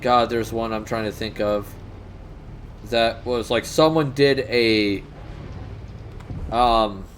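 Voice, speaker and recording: A man's voice: mid-range voice, fairly even intonation, takes it slowly, long pauses, a little hiss or hum. A man co-hosting a casual chat about tabletop games, rambling, swearing casually and laughing often. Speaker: podcast co-host.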